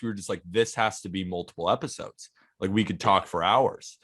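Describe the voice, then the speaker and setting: A man's voice: low voice, fairly quick, fairly bright tone. Eager young man co-hosting a podcast. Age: 20s. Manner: eager, earnest, talks in long runs. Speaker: podcast co-host. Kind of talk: casual podcast chat.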